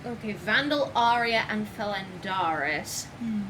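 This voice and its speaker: A woman's voice: fairly high pitch, slow pace, noisy background. Chatty woman commenting on gameplay. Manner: chatty, enthusiastic, full of fillers and restarts. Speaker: let's play host.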